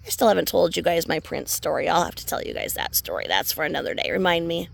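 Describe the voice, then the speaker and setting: A woman's voice: on the low side, very animated, fast, creaky, a little hiss or hum. A woman vlogging outdoors by a remote river, chatty and rambling with many fillers and asides, filmed on a handheld phone. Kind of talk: casual rambling vlog narration.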